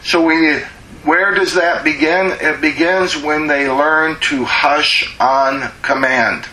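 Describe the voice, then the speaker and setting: A man delivers a sermon as a pastor, speaking slowly with deliberate weight. His voice is bright and a little high for a man, and it rings in an echoey room. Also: fairly even intonation. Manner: slow, emphatic preaching with drawn-out words.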